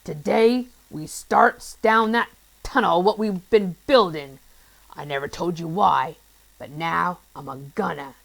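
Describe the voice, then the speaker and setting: A man's voice: high-pitched, slow pace, vocal fry, fairly bright tone, heavily acted, rough recording. A woman voicing a nasty, grumpy old man villain from a children's storybook, who talks in a boastful, bossy, ungrammatical way. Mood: gloating.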